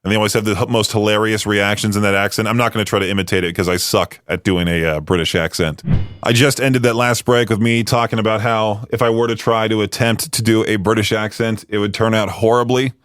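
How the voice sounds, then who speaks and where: A man hosts a radio show in a studio. His voice sits somewhat low, and his speech is loose and rambling, full of ums and self-deprecating jokes. The sound is dry and close on the mic. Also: fairly even intonation, brisk, fairly bright tone, dry recording. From United States. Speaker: radio host. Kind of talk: casual chatty radio breaks.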